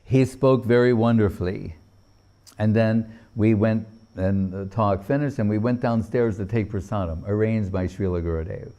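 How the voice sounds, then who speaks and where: An older man teaching a spiritual class, speaking freely and haltingly, often restarting as he searches for words. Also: fairly low pitch, mellow.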